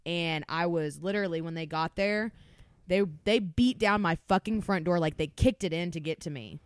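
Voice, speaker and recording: A young woman on a podcast telling a story in an animated way, swearing constantly. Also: lowish voice, normal speed, smooth, no room sound, studio quality. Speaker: podcast co-host. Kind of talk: casual storytelling.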